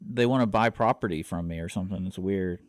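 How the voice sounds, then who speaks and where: A man's voice: low-pitched, fast, no room sound. A man co-hosting a radio show, tossing in short, offhand remarks with dry humor. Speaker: radio co-host. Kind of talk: casual radio banter. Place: radio studio.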